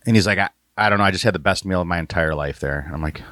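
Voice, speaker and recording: Low-voiced man in loose podcast banter. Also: racing, fairly bright tone, no room sound, studio quality. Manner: loose, joking, trails off and restarts.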